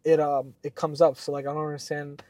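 A young man co-hosting a podcast, telling a story in a casual, animated way with lots of fillers and swearing. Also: a little high, fairly quick, dry recording. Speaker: podcast co-host.

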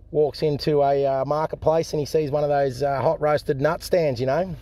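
An Australian man with a fairly high voice sends in a voice message with a crude joke. He drawls the story and swears freely along the way. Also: darkish tone. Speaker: caller sending a voice message.

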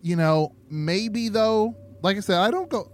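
A man's voice: sits high, a little slow. A tipsy man co-hosting a podcast, rambling in casual chat and laughing often. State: tipsy from drinking. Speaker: podcast co-host.

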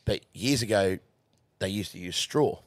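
An Australian-accented man with a fairly low voice speaks a little slowly as a guest on a casual podcast recorded in a studio. He tells stories from the horse stables, swearing freely and laughing as he goes.

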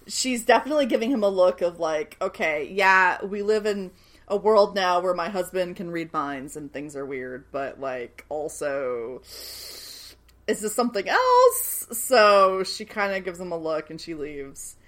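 A young woman casually recapping a TV episode, animated and swearing freely as she acts out the characters' lines. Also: on the low side, a little slow. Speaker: podcast co-host recapping a TV show. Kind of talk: casual chat.

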